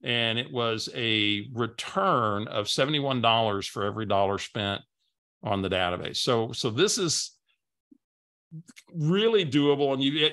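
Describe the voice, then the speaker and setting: Bright-voiced male business coach. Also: medium pitch. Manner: repeats words, conversational storyteller. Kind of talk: webinar storytelling presentation.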